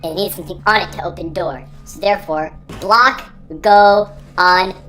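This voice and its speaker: A man's voice: high-pitched, sharp tone, faint music behind, pitched above the performer's own voice. A man putting on a dopey dimwit voice. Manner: broken grammar, slow and dopey. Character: dim-witted, self-satisfied man solving a puzzle.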